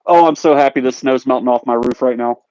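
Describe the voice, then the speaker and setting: A man's voice: medium pitch, fast, darkish tone, clear, resonant tone, no echo, muffled recording. A man joining a stream over a video call, chatting casually and joking in an easygoing way. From United States. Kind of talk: casual chat.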